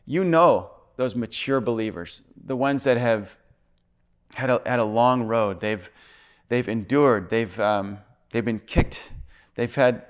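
A male pastor preaching a sermon in an earnest, halting way, often restarting his phrases. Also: mid-range voice.

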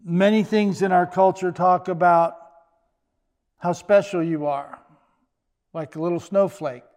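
A man's voice: sits high, steady tone, measured pace, darkish tone. An older man preaching a sermon as pastor, in a conversational style with joking asides.

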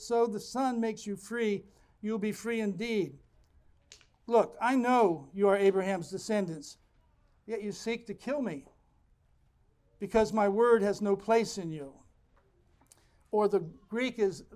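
A man preaching a sermon as pastor, reading scripture and explaining it with animated asides to his congregation. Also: high-pitched.

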